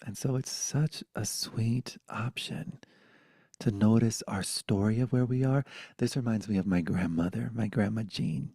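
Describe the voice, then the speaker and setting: A man as a spiritual teacher giving a satsang talk, telling stories intimately and often dropping to a hushed whisper. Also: fairly low pitch, a little slow, gravelly, husky, no echo.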